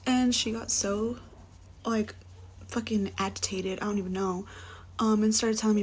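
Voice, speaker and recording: A woman's voice: mid-range voice, steady tone, moderate pace, slightly rough. A young woman who works as a restaurant server, chatting through a profane get-ready-with-me storytime in a casual way. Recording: faint background noise.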